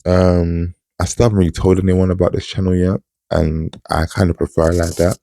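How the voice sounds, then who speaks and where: Very deep, gravelly monotone man. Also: a little fast. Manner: monotone, low-key. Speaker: channel host. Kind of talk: casual solo vlog chat.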